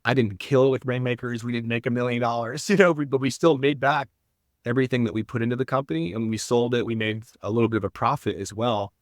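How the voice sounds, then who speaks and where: A man's voice: medium pitch, no echo, studio quality. A man speaking as a podcast guest in an earnest, self-deprecating way, hesitating and restarting often. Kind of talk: casual podcast interview.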